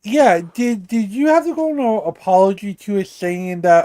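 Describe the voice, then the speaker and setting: A live-stream host in casual talk, who cuts in with pointed questions and asks guests to pause. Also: mid-range voice, lively intonation, dark tone. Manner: quick to interrupt with questions.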